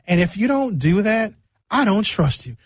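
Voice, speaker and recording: A man hosting a radio show in casual chat, talking in animated, rambling comic riffs from a studio microphone. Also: sits high, normal speed, breathy edge, dry recording.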